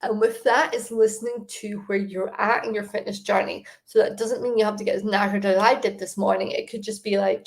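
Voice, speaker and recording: A woman speaks as a fitness coach in a relaxed, conversational way. Her pitch sits in an ordinary middle range, and she keeps her tone encouraging. She often turns to the listener with questions. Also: a little fast, hardly any pauses. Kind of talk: casual advice talk to camera.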